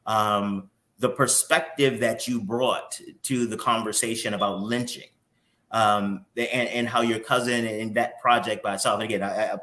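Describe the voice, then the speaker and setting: A man's voice: fairly low pitch, fairly even intonation, normal speed, bright, forceful tone. A man hosting a morning show interview who talks candidly and openly emotionally, with some casual swearing.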